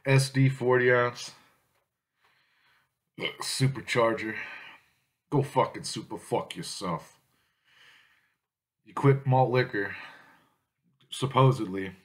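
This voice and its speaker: In this profane ranting vlog, a man with a mid-range voice talks about drinking malt liquor, speaking slowly and pausing often. He rants angrily at his viewers, swearing constantly and hurling insults.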